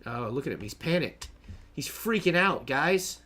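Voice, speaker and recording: A man's voice: fairly high pitch, very animated, unhurried, pushed and bright. A man casually narrating his own gameplay on a stream, chatty, joking and laughing to himself as he plays.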